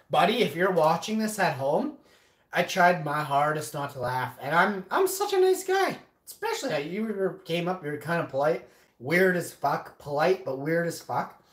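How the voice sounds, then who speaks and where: A man's voice: fairly high pitch, a bit bright. A man telling a casual story to camera, rambling with lots of fillers, restarts and swearing. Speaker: vlogger. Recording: roomy echo.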